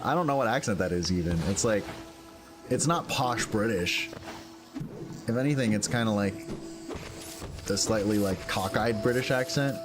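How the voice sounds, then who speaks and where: A man's voice: lowish voice, moderate pace, long pauses. Rambling streamer man, game music behind. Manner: rambling, filler-heavy, thinks aloud. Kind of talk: casual gameplay commentary.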